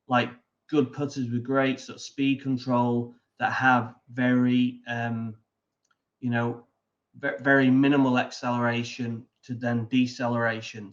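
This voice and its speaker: A man working as a putting coach answers interview questions in a measured, explanatory way, often pausing on "um" and restarting phrases. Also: medium pitch, lo-fi sound.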